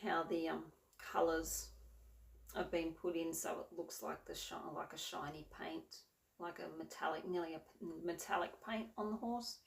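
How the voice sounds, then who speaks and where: A woman with a low-pitched, steady voice and vocal fry talks at normal speed about her cross-stitch projects in a casual show-and-tell. She rambles, corrects herself and uses lots of fillers, and the recording sounds roomy and distant.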